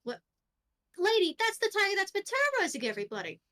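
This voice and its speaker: A brash male circus guard, voiced by a woman, talks back to his boss with open doubt. He sounds high-pitched for a man and quick to question her. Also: huge pitch swings, sharp tone, heavily acted. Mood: skeptical.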